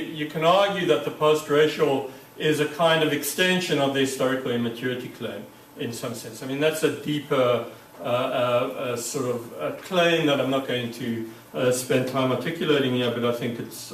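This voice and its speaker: A man giving an academic conference talk, halting, with many fillers and restarts. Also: medium pitch, slight background noise. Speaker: academic speaker. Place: lecture room. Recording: echoey room, mic far off.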